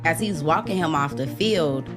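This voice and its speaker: Low-voiced woman telling a story over guitar. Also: expressive, moderate pace. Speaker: mother in a viral video clip. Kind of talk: recounting a personal story to camera. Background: guitar music.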